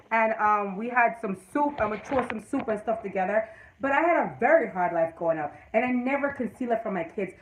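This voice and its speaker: A woman's voice: mid-range voice, a little hiss or hum, poor audio. Jamaican woman chatting on a livestream. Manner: rambling, emphatic storytelling. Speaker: livestream host. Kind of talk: casual livestream chat.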